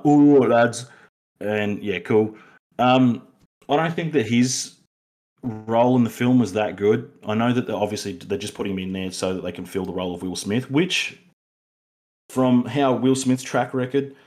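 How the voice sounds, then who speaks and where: A man's voice: mid-range voice, darkish tone. A young Australian man co-hosting a casual film review podcast, rambling with many fillers and restarts. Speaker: podcast co-host.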